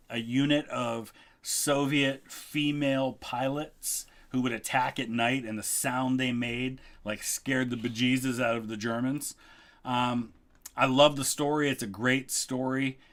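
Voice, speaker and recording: A middle-aged man chatting casually as a history video host, relaxed and thinking aloud with frequent ums. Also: medium pitch. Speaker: history YouTuber, guest co-host. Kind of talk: casual ranking chat.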